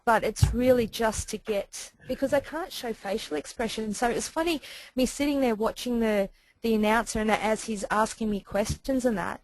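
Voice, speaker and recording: A woman's voice: on the high side, normal speed, darkish tone, dry recording, rough recording. A woman taking part in a webinar discussion, talking in a rambling way with many restarts. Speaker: webinar participant.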